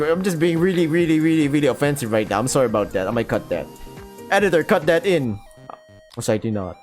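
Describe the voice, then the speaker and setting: A man's voice: fairly high pitch, expressive, normal speed, a little mellow, faint music behind. A Filipino man hosting a let's play, casually narrating a visual novel and rambling with self-deprecating asides. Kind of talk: casual game commentary and narration.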